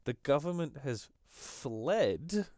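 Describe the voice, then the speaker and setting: A man hosting a casual political podcast, rambling and halting with frequent fillers. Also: a little high, very animated, darkish tone, no room sound, clean studio sound. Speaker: podcast host. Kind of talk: casual leftist podcast chat.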